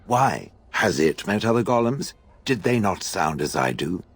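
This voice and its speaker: Scornful ancient stone golem for a game; dry, mocking, lively swoops in a very low voice. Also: male voice, measured pace, slightly rough, exaggerated voice. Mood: sardonic. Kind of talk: video game dialogue.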